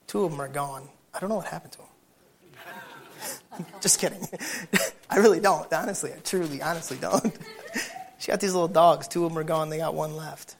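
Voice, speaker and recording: Man preaching, telling funny neighbor stories, lively, acts out the dogs and people. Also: fairly high pitch, moderate pace, vocal fry, long pauses. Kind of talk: humorous sermon storytelling.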